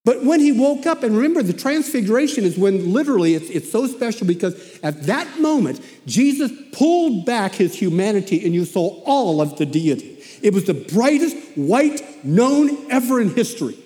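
A man preaching a sermon as animated storytelling, often repeating himself as he goes. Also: high-pitched, moderate pace, few pauses, big-room sound.

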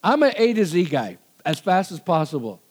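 A middle-aged man preaching a conversational sermon, animated and given to laughter, acting out quoted voices. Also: fairly high pitch, normal speed, husky. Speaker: pastor.

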